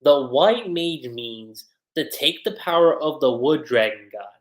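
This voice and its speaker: A man chatting casually on a livestream as an anime reviewer, speaking from his home desk setup in an animated way. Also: medium pitch. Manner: chatty, animated, acts out character lines in quick voices.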